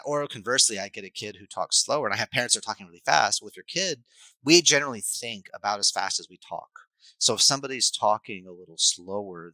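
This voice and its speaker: A man, a life coach and hypnotherapist, explaining his ideas in an animated, coaching way as a podcast guest. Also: fairly low pitch, no room sound, rough recording. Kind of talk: podcast conversation.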